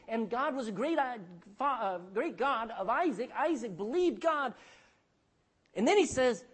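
A pastor preaching a sermon, calling out for amens and dropping between loud bursts and hushed lines. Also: male voice, very high voice, lively intonation, moderate pace, husky. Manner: calls for amen from the congregation.

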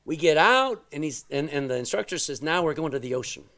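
A middle-aged male pastor preaching a sermon, telling a story with loud exclamations and quiet asides. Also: fairly high pitch, animated, brisk.

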